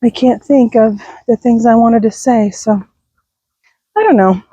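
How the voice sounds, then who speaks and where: A woman's voice: a little high, a little slow, dark tone, breathy edge, dry recording. A middle-aged woman chatting casually while walking her dog outdoors at night, laughing and sighing often. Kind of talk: casual walk-and-talk chat.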